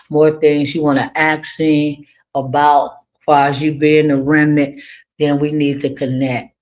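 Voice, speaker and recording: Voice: medium pitch, a little mellow, muffled recording. An online Torah class teacher talking informally to viewers, exclaiming joyfully and repeating phrases for emphasis. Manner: informal colloquial speech. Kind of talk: livestream teaching and reacting to viewer comments.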